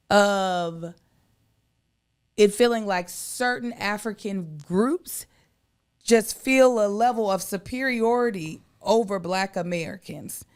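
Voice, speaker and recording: Blunt woman podcast co-host. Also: mid-range voice. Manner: blunt, outspoken. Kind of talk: casual podcast chat.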